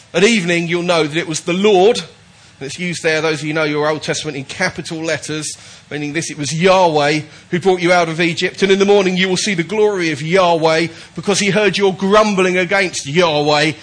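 A man preaches to his congregation in an emphatic, repetitive way, circling back over his points and stumbling into restarts. His voice sits somewhat high for a man. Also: fairly even intonation, a little fast, few pauses, fairly bright tone. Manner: emphatic, repetitive, with false starts. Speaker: pastor. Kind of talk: sermon.

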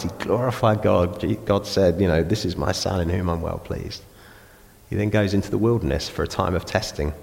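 A man with an English accent preaching a sermon in a church, animated, acting out the voices of people praying and grumbling. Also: low voice, gravelly. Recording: long reverb of a church hall.

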